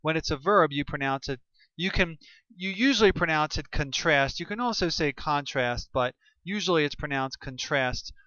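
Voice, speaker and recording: A man talks through a lesson in a relaxed, unscripted way, stumbling often and circling back with fillers as he explains. His voice is smooth and resonant, heard close and dry on a slightly dull, lo-fi recording. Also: fairly high pitch, no echo. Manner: halting, many fillers and restarts. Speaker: teacher.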